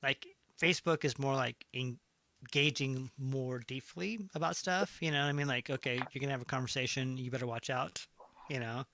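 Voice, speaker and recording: Gravelly bright-voiced man hosting a chat show. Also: mid-range voice, fairly even intonation, fairly quick, slight background noise. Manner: rambling, many fillers. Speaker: host. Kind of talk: casual chat.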